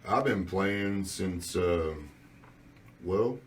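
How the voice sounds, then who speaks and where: A man in his forties with a deep, dark voice, a musician guest rambling through a casual radio studio interview with many fillers. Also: very slow, distant mic, a little hiss or hum.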